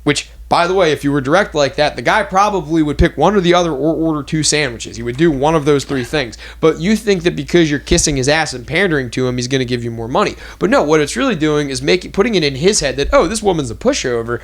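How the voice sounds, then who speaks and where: A man's voice: fairly high pitch, lively intonation. A young man, hosting a podcast and ranting loosely with lots of fillers and swearing. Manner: rambling, profane, fast ranting with many fillers. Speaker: podcast host. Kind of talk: casual chat.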